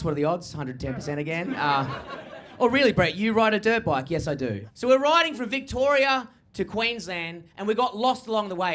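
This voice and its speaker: Stand-up comic, young adult male, Australian accent, high-pitched and piercing, brash high-energy delivery. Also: a bit bright. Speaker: stand-up comedian. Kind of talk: stand-up comedy set.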